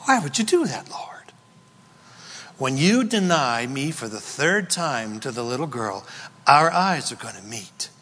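A male pastor preaching a sermon, emphatic and swinging between loud declarations and hushed whispers. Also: mid-range voice, slightly rough, in a large hall.

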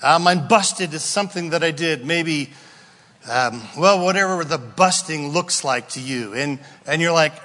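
A man preaching a sermon as pastor, animated and playful, acting out voices and asides. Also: on the high side, unhurried. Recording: long hall reverb.

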